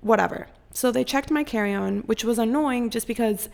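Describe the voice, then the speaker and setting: A woman's voice: a little high, normal speed, creaky, a little mellow. A young woman telling a rambling, casual storytime, full of filler words and swearing. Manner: chatty, heavy "like" filler, frequent swearing. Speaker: content creator.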